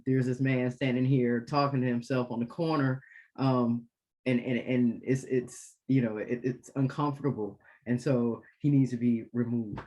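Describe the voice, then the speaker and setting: A man facilitating a group discussion, animated and often repeating words as he starts a thought. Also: medium pitch.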